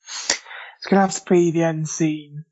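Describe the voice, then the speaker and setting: A man on a film podcast, easygoing and quick to laugh. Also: fairly high pitch, steady tone, dull audio. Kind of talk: casual film review chat.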